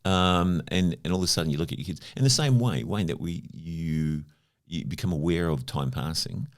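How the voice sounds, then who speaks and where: A New Zealand man in his fifties with a low voice speaks at normal speed as a podcast guest. He tells stories in a chatty, casual way, dropping lots of "you know" asides.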